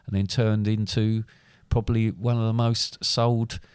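A middle-aged man co-hosting a father-and-son podcast in casual chat, with dry, deadpan humour. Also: lowish voice, measured pace, clear, resonant tone, no echo.

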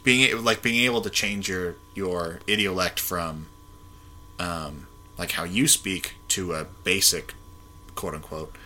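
Low, bright-voiced man talking movies. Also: steady tone, measured pace, a little hiss or hum, poor audio. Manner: opinionated, swears freely. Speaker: podcast co-host. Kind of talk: casual movie chat.

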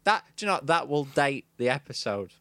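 A man's voice: medium pitch, sing-song, fairly quick, bright, forceful tone, no room sound. A middle-aged man from Manchester with a Mancunian accent, telling comic stories in a wry, sardonic way on a podcast. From Manchester, England. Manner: wry, sardonic, mocking impressions. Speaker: podcast co-host. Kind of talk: comic storytelling chat.

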